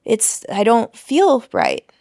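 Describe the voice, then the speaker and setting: A woman's voice: fairly high pitch, wildly swooping pitch, takes it slowly, a little mellow, dry recording, clean studio sound. A woman hosting a podcast, speaking reflectively and sharing her own experience. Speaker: podcast host. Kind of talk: interview conversation.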